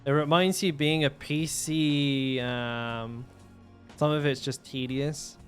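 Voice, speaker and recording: A man's voice: mid-range voice, fairly even intonation, takes it slowly, fairly bright tone, soft background music. A young man streaming a game, telling stories in a rambling way, swearing freely with lots of fillers and restarts. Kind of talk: casual storytelling while gaming.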